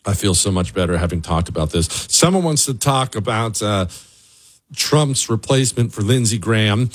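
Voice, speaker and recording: A man hosting a talk show, ranting in comic mock outrage. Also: normal speed. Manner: animated, exasperated, mock-outraged, swinging pitch. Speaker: radio host. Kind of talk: comic rant on talk radio.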